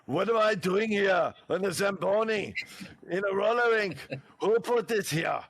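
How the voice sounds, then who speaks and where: A man's voice: high voice, animated, normal speed, fairly bright tone, slight background noise. A man doing an impression of an Austrian action-hero strongman, barking frantic orders. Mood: bewildered.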